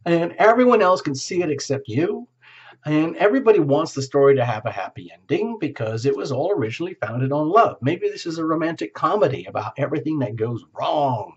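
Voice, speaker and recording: A man's voice: on the high side, sing-song, fairly quick, husky. Chatty male tarot reader, muffled sound. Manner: chatty, laughs often, acts out quoted dialogue. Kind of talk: solo tarot reading to camera.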